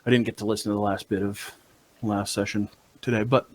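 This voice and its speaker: A man's voice: on the low side, flat delivery, fairly quick, a little mellow. A man narrating as game master of a tabletop game, rambling with many fillers.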